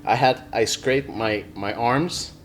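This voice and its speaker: A man's voice: mid-range voice, slow pace, slight background noise. A man telling his own story as a podcast guest in casual chat, rambling with lots of fillers and swearing. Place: podcast studio.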